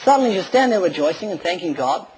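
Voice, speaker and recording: A man preaching a sermon, animated and enthusiastic, with sudden rises and drops in loudness as he tells stories. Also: sits high, fast talker, a little hiss or hum, rough recording. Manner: enthusiastic, animated storytelling with sudden swings in volume.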